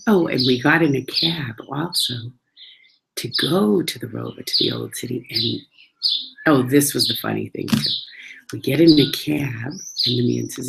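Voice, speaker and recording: A woman's voice: rumbling low, vocal fry, heavy background noise. A woman telling travel stories in a chatty, casual way, acting out the voices she quotes. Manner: chatty, acts out quoted voices, laughs often. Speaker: travel storyteller. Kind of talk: casual storytelling.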